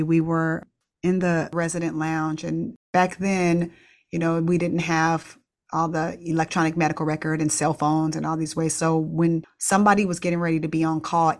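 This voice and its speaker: A middle-aged woman, a pediatrician, candidly telling a personal story with laughs and restarts. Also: sits low. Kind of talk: reflective storytelling.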